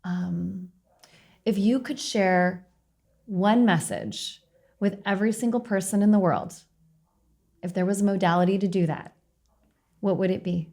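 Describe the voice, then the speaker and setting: A woman hosting a podcast interview, affirming her guest warmly in casual conversation. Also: mid-range voice, fairly even intonation, measured pace, long pauses. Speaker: podcast host.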